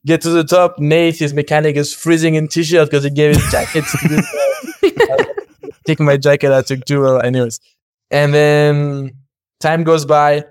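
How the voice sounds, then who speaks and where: A man's voice: on the high side, moderate pace, smooth, no echo. A young man, a podcast guest, telling a story casually and animatedly, acting out what people said and laughing often. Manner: animated, acts out quoted dialogue, laughs often, swears.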